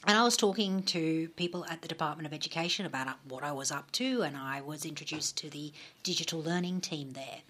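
A woman's voice: sits low, fast talker, few pauses, a bit bright. An Australian woman, an education program manager, explaining her work as a studio guest on the radio. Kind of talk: radio interview.

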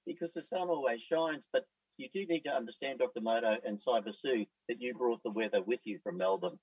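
A middle-aged man who is a psychiatrist guest on a radio panel, speaking in a measured, reflective way with hesitant fillers. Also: mid-range voice, a little mellow, no room sound, distant mic, muffled recording.

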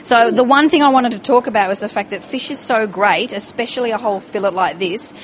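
A woman's voice: on the high side, fairly quick, a little hiss or hum, low-quality recording. Friendly woman chef explaining. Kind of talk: casual cooking demonstration. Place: restaurant kitchen.

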